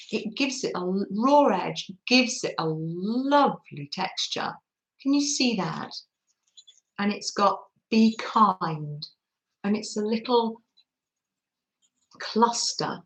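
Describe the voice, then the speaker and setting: An English woman chats through a crafting livestream, gushing over everything and laughing softly. She talks slowly at a middle pitch. Her voice rings in an echoey room. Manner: chatty, gushing with frequent little laughs. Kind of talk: live-stream crafting chat.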